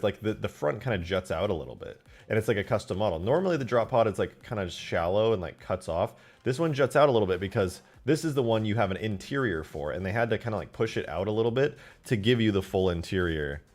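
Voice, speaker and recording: A man commentating his game modding on a live stream, excitable and foul-mouthed, swinging into loud outbursts. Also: fairly low pitch, fast talker, faint music behind. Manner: excitable, swears a lot, flares into loud outbursts.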